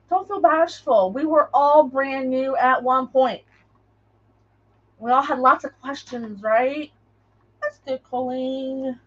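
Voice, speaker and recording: A woman's voice: high voice, muffled recording. A woman hosting a craft livestream, chatting in a rambling way and greeting viewers by name as she works. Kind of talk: casual live chat while crafting.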